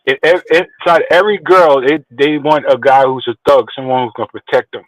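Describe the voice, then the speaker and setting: A man's voice: medium pitch, steady tone, fairly quick, no echo, poor audio. A man chatting casually, brash and profane, boasting as he tells stories. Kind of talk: crude casual chat.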